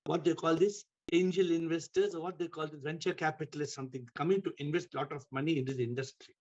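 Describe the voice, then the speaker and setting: A man's voice: a little high, steady tone, quick pace, a little mellow. A man giving a spiritual talk over a video call, telling a story with emphatic repetition, in dull lo-fi call audio. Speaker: spiritual teacher.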